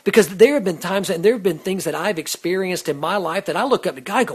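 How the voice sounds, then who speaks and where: A man's voice: sits high, expressive, fast, few pauses, husky. A man hosting a Christian radio show, talking about faith in an earnest, casual way, with lots of "you know" and restarts. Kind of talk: casual devotional talk.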